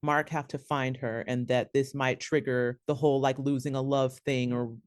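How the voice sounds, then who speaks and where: Animated podcast co-host, dry close recording. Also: medium pitch, moderate pace, no echo. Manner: lively, acts out imagined dialogue. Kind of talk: casual chat.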